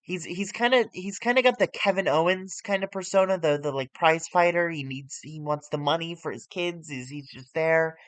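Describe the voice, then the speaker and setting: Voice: medium pitch, moderate pace, few pauses, dry recording. A streamer giving casual, rambling commentary with self-corrections while playing a wrestling management game on a close mic.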